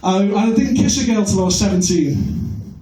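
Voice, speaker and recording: A man from Birkenhead doing a stand-up set, crude and self-mocking with a deadpan delivery. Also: high voice, moderate pace. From Birkenhead, England. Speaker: stand-up comedian. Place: comedy club stage. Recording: echoey club, recorded from far off.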